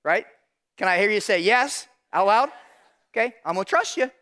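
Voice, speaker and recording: A middle-aged man, a pastor, preaching a sermon in an animated storytelling way, talking straight to a live congregation. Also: high-pitched, moderate pace, smooth. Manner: animated storytelling, addresses audience directly.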